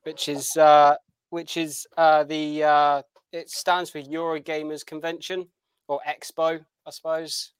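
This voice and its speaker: A man's voice: on the high side, little pitch movement, measured pace, smooth, dry recording. A man from the United Kingdom chatting on a podcast, hesitant and full of fillers. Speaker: podcast guest. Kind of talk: casual chat.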